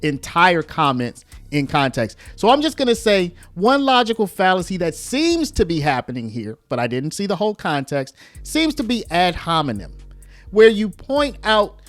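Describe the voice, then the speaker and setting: A man with a fairly high, very animated voice hosts a casual commentary video. He talks straight to viewers, sometimes slipping into "y'all." The sound is close and dry, with faint music underneath. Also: moderate pace, dry recording. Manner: lively, conversational, uses "y'all", acts out quotes in raised voice.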